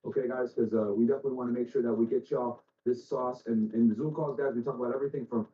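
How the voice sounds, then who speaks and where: A man's voice: medium pitch, fairly even intonation, quick pace, echoey room, far from the mic, highs cut off. A man hosting a podcast, chatting casually with slang and swearing, loose and full of fillers. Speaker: podcast host.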